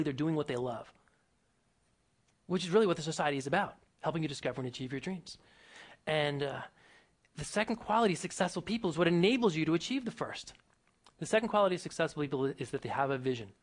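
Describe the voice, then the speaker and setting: A man giving a motivational speech to an audience, emphatic and full of rhetorical questions and stories. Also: a little high. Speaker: motivational speaker.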